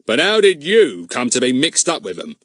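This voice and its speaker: A man's voice: on the high side, sing-song, normal speed, voice pushed up. Man doing a blustering, bad-tempered policeman. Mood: angry blustering. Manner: blustering, shouting. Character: burly red-faced village policeman, bad-tempered.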